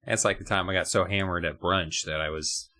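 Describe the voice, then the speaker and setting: A man's voice: low voice, steady tone, brisk, bright, forceful tone. A man co-hosting a podcast in casual chat, joking wryly with plenty of swearing. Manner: wry, profane joking. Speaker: podcast co-host.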